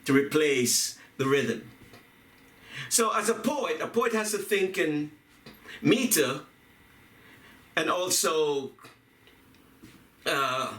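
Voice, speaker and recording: A man giving a reflective talk on poetry and music, speaking deliberately, repeating phrases and chanting rhythms aloud. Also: on the high side, expressive, fairly bright tone. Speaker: video essayist on poetry and music. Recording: echoey room, voice from a distance.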